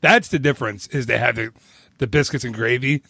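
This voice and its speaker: A man co-hosting a podcast, chatting casually and telling a lively story with frequent restarts. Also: medium pitch, a little fast, dry recording, clean studio sound. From northern United States. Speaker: podcast co-host. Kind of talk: casual chat.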